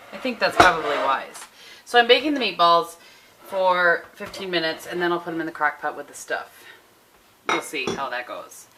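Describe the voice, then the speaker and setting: A chatty woman talks casually to the camera in her kitchen, full of rambling, self-deprecating asides. Her voice sits a little low. It is caught on a compact camera with clear background noise. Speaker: vlogger. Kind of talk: casual home vlog chat. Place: home kitchen. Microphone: handheld compact camera. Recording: noisy home camera audio.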